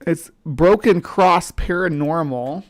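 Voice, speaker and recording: A woman from the middle of the United States hosts a relaxed live show. She rambles and trips over her own words, circling back to greet viewers in the chat. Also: lowish voice, takes it slowly. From central United States, between the South and upper Midwest. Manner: rambling, self-interrupting, chats with viewers. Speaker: livestream host. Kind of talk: casual live-stream chat.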